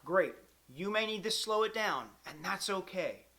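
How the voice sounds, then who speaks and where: A man's voice: sits high, expressive, a little slow, background noise. A man teaching a clarinet lesson, counting beats aloud in a patient, encouraging way. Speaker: music teacher.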